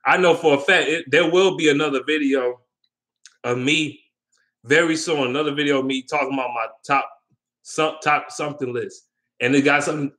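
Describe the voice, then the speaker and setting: A young male sports vlogger with a bright, forward, middle-pitched voice talks sports off the cuff in casual chat. He rambles from opinion to opinion, slangy and loose, full of ums and restarts.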